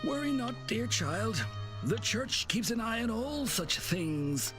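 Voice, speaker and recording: A man voicing a very old male priest in a video game, with a breathy, exasperated tone. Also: extremely high pitch, very animated, slow, music in the background, voice pushed up, exaggerated voice. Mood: solemn.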